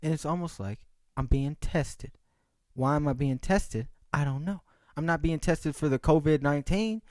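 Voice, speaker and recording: Speaking at a normal speed in a voice on the high side, a young podcast host rambles through a casual solo monologue. He's animated, profane, and full of jokes. It's recorded with studio quality and no echo.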